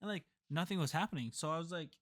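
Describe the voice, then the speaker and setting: A man's voice: fairly high pitch, quick pace, a bit bright. A man co-hosting a podcast, telling a story in casual chat, rambling and laughing often. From a reservation community. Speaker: podcast co-host.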